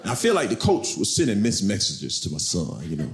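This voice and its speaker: A middle-aged man doing stand-up, telling animated stories about his kids and acting them out in high voices. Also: fairly quick. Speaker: stand-up comedian. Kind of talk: stand-up comedy routine. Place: comedy club stage. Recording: echoey club with loud crowd noise.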